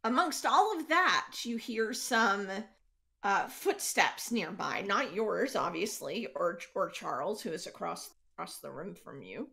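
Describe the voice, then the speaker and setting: Slow bright-voiced woman game master. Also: medium pitch, big pitch swings, vocal fry. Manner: unhurried, hesitant with many fillers. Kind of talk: narrating a tabletop game.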